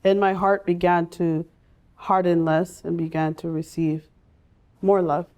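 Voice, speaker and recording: A woman in her forties telling her personal story in an interview, speaking earnestly and from the heart, with pauses and restarts. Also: lowish voice, flat delivery, darkish tone. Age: 40s. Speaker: guest sharing her life story.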